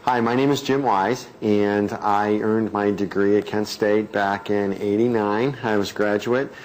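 A man in his fifties introducing himself haltingly, with many fillers. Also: fairly low pitch, fairly even intonation, low-quality recording. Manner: hesitant, many fillers, warmly appreciative. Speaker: car dealership general manager. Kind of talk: casual self-introduction.

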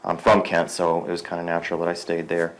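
A man who is a company president, introducing himself in a relaxed way. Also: sits low, fast talker, poor audio. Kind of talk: casual self-introduction.

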